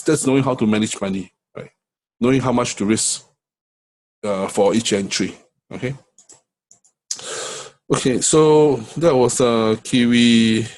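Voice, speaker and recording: A man's voice: medium pitch, darkish tone, rough recording. A middle-aged man walking through trading charts in a casual lesson, checking in often with "right?". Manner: conversational, many fillers and "right?" checks. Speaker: forex trading coach. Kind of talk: screen-share trading lesson.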